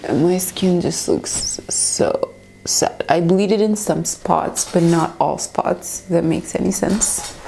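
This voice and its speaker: Woman, 20s, home vlogger, candid and jittery; low gravelly voice, noisy room recording. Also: fairly even intonation, slow pace, mellow. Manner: nervous, candid, complaining of pain. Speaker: beauty vlogger. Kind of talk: casual vlog talk to camera. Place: at home indoors.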